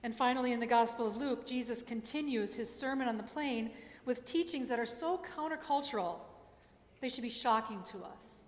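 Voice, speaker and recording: A woman's voice: a little high, moderate pace. A woman pastor reading scripture and preaching a sermon in a candid, personal way, with emphatic asides. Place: church sanctuary. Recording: echoey church hall.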